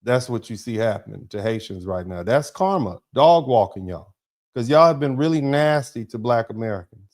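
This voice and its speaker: A man's voice: medium pitch, animated, normal speed, a little mellow. A middle-aged man hosting a commentary show, talking bluntly and heatedly with many rhetorical questions. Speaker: show host. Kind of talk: casual commentary.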